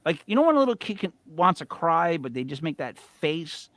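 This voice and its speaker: A middle-aged man co-hosting a live show, telling a long casual story in a rambling, animated way, swinging between loud bursts and mutters. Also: a little high, moderate pace, no room sound. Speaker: co-host.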